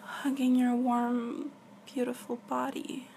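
A woman in a whispered role-play as a girlfriend on a video call, talking softly and affectionately and often dropping to a whisper. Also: on the high side, monotone, slow, vocal fry, slight background noise.

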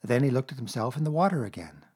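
A man narrating a children's storybook aloud, gentle and measured. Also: medium pitch, very animated, breathy edge. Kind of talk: storybook reading.

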